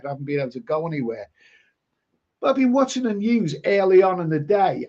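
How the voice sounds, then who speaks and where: Halting man on a lo-fi stream. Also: on the high side, darkish tone. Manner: halting, many repeated words and restarts. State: sniffly with hay fever. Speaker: livestream host reading viewer comments. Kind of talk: rambling casual live chat.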